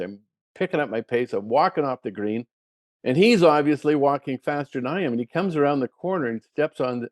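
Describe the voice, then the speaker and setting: An older man, a guest and former touring golfer, telling stories in a casual, animated way with many restarts and repeated words. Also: medium pitch, dry recording, clean studio sound. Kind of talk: casual storytelling.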